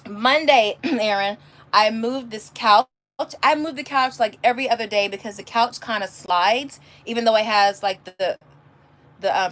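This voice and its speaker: A homeschooling mother chatting casually on a livestream, telling rambling stories full of restarts. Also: mid-range voice. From California. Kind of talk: casual live chat. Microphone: phone or webcam, answering a live chat.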